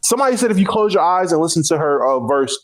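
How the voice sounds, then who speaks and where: A man with a noticeably high voice co-hosts a casual podcast. He rambles loosely through names and opinions and turns animated when he argues a point. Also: fast, a loud crowd. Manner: laid-back, rambling, animated when arguing. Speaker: podcast co-host. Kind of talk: casual chat.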